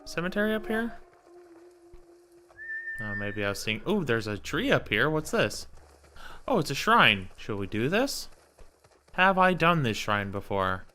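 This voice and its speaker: A man's voice: medium pitch, sing-song, a little slow, bright, forceful tone. A man casually chatting while playing a game on a live stream at home, rambling between topics and talking to his cat.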